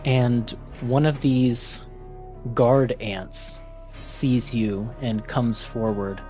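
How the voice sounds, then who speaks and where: A man narrating a tabletop role-play as game master, halting and full of fillers. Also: medium pitch, a little mellow. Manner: unhurried, halting, many fillers.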